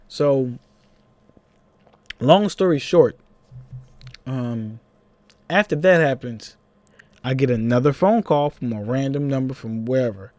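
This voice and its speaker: A young man with a Philadelphia accent, telling a personal story in a casual, animated vlog, with laughing asides. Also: medium pitch, no echo.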